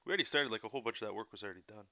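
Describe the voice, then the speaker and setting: A man, a comic artist, chatting casually and somewhat monotonously while he explains drawing steps, rambling with many fillers. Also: on the low side, rapid-fire, no echo. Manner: monotone delivery. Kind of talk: casual drawing tutorial chat.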